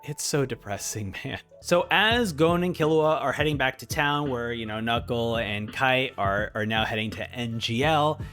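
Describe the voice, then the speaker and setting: A young man in casual review commentary, excitable, swinging between hyped and somber as he talks. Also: medium pitch, normal speed, few pauses, soft background music. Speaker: anime reviewer.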